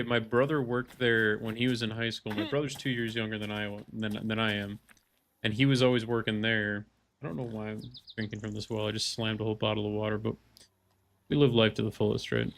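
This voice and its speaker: A man's voice: medium pitch, vocal fry, a bit bright. A man in his thirties, a game streamer chatting casually on a live stream, rambling and swearing in mock rants. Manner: rambling, profane, mock-ranting.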